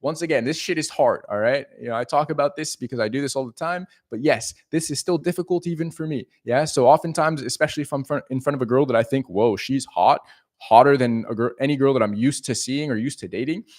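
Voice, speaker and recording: A man giving an animated, profane casual monologue as a dating coach. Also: medium pitch, fast, hardly any pauses.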